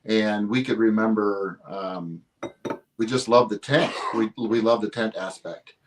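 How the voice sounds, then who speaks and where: A man's voice: fairly low pitch, fairly even intonation, measured pace, rough recording. A middle-aged man from northern Indiana, a guest telling stories in an easygoing, rambling way. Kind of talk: casual interview chat.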